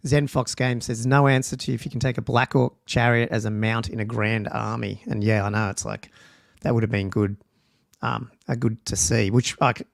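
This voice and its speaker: Gravelly man chatting casually on a livestream. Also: mid-range voice, no echo, clean studio sound. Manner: thinks aloud while reading out rules, with fillers and restarts. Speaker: podcast host.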